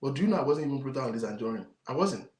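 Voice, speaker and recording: Speaking very fast in a darkish mid-range voice with lively intonation, a talk show host with a Nigerian accent rants at his viewers. He's emphatic and indignant, says things over again, and slips into Yoruba, all against a roomy echo.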